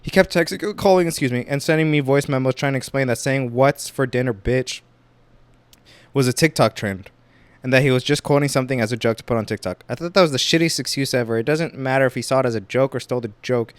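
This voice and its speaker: A young male podcast host talks on his own, loose and chatty, reading posts aloud and reacting with blunt exclamations. His voice is smooth and clear at a middle pitch. The recording is dry and close, with no room sound. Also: fast talker, dry recording. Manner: casual, rambling, exclaims reactions while reading.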